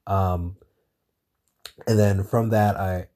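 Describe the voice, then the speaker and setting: A man's voice: sits low, steady tone, extremely slow, warm tone. A man hosting his own show, talking in a meandering, casual monologue full of swearing and searching for words. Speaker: podcast host.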